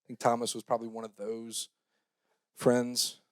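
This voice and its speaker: A young man giving a youth sermon, joking and talking casually, switching between loud scripture reading and quiet mumbled asides. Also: mid-range voice, monotone, moderate pace, no echo. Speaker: youth pastor.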